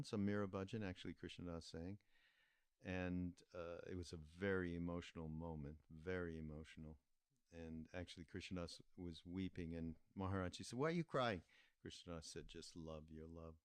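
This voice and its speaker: An older man hosting a podcast, telling a story in a reflective, meandering way with pauses and restarts. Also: low-pitched, clear, resonant tone, no echo. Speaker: podcast host. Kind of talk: casual spoken storytelling.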